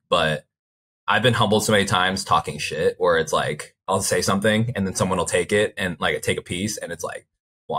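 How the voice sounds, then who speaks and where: Young man, low voice, bright tone, casual interview guest, rambling with lots of fillers. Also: breathy edge. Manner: rambling storyteller, frequent "like" fillers. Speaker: baseball player guest.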